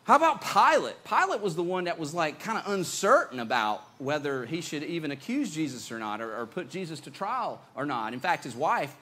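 Animated man preaching. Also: fairly high pitch, brisk, hardly any pauses, husky. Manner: animated, conversational, repeats words. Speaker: pastor. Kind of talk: sermon.

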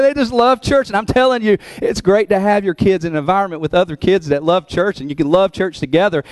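A man's voice: on the high side, expressive, brisk, dry recording. A man preaching as pastor of his church, talking conversationally and laughing between points, building to emphatic peaks. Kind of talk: sermon.

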